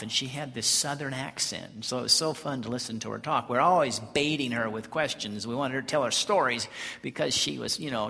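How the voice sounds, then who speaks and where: A pastor from Colorado tells an animated, folksy story during a sermon. His voice is bright and gravelly with a slightly high pitch. Long hall reverb trails his words.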